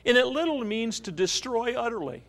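Lively, animated male preacher. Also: very high-pitched, fast talker. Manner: animated storytelling preacher, asks the congregation questions. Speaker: pastor. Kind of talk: sermon.

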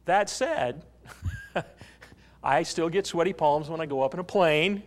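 A man's voice: on the high side, measured pace. A man preaching a sermon, telling a story and asking the congregation questions. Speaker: pastor.

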